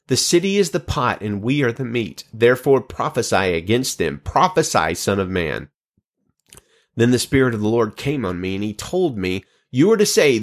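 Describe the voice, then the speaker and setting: A man reading Bible passages aloud in a measured, steady voice, lifting his pitch for quoted speech. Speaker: scripture reader.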